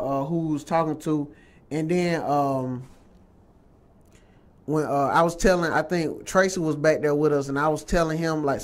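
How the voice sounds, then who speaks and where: A man appearing as a guest, telling stories from his acting work in a relaxed, slangy, conversational way. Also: fairly high pitch. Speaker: guest actor. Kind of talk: casual chat.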